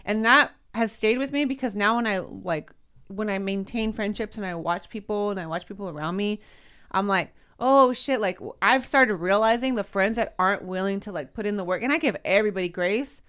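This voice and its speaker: A woman's voice: medium pitch, brisk, fairly bright tone, smooth. A woman comedian as a podcast guest in casual chat, frank and emphatic, swearing freely.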